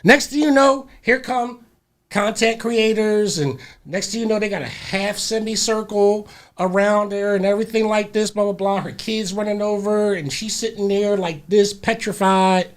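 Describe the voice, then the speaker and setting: A man hosting a radio talk show, telling a story in an animated, slangy, emphatic way and repeating words as he gets heated. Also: sits high, normal speed.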